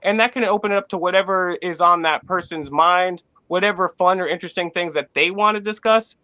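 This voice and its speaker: Bright, high-voiced man joking on a panel. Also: fairly quick, dry recording, dull audio. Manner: joking, animated, acts out mock dialogues. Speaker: podcast co-host. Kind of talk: casual panel discussion.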